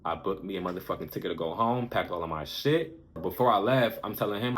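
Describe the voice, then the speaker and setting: Man, low deep voice, casual storytime vlog, candid, profane, animated. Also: fast talker, few pauses. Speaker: storytime vlogger.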